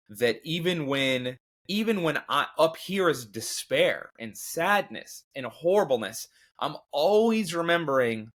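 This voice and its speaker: A man's voice: on the high side, fairly bright tone. A man in his thirties talking candidly and emotionally about faith and grief, rambling with restarts and occasional laughs. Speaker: comedian and podcast guest. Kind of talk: candid conversational talk.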